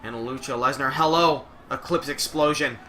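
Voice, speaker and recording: Excitable young man calling game wrestling. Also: medium pitch, moderate pace, slight background noise. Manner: energetic, shouting at big moves. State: losing his voice a little. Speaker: play-by-play commentator.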